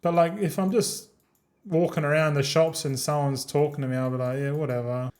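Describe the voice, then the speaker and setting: A man's voice: on the high side, fairly quick, darkish tone. An Australian man in his thirties chatting casually while streaming a game, rambling and swearing freely with frequent laughs.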